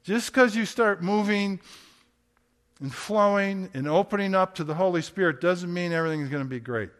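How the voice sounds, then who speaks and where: A man's voice: high-pitched, normal speed, fairly bright tone. A man, a pastor, preaching a sermon in a conversational storytelling way, asking rhetorical questions.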